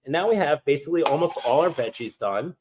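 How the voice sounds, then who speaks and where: Talking quickly in a high-leaning voice over a noisy background, this cooking host runs his live class with lively cheer. Onions have his eyes watering as he cooks, banters, and reads out comments from viewers.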